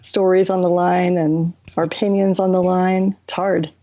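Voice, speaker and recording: Reflective woman therapist in her fifties, mellow tone, slightly dull call sound. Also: lowish voice, little pitch movement, normal speed, dry recording. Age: 50s. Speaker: therapist and author guest. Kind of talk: interview conversation.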